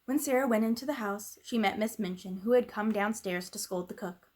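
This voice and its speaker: Brief: woman storyteller, gentle storybook reading, mid-pitched, calm pace. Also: fairly quick. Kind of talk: reading a children's book aloud.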